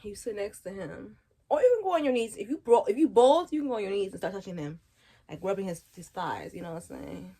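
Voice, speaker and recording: A woman's voice: medium pitch, animated, moderate pace, a little mellow, slightly rough. A woman in her twenties giving frank, slangy advice in a casual vlog chat, often laughing at her own jokes. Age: 20s. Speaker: vlogger.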